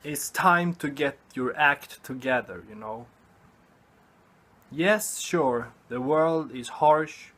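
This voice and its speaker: Slow, earnest man giving a pep talk. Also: medium pitch, fairly bright tone. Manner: earnest, halting, repeats himself and says "you know" often. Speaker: vlogger. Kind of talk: motivational vlog talk to camera.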